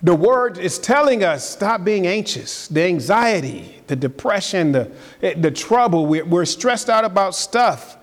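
A man's voice: high-pitched, lively intonation, measured pace. A man preaching a live-streamed sermon as pastor, earnest and building to emphatic peaks. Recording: long church-hall reverb.

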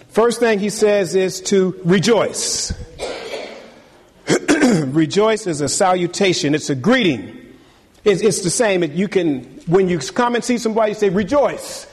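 A high-pitched man preaches in a church, his voice hanging in a long reverb. He speaks straight to the congregation and repeats his key words again and again for emphasis. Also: husky. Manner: animated preaching, repeats phrases, talks to the congregation. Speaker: pastor. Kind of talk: sermon. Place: church sanctuary.

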